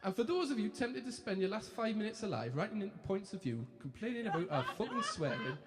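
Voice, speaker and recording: A man's voice: high-pitched, very animated, fast talker, heavy background noise, pitched above the performer's own voice. A man putting on the voice of a pair of chirpy young male TV presenters, with a Geordie accent and a brash, sweary, mock-cheerful delivery. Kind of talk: live comic impression. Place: live venue stage. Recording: echoey hall with crowd laughter.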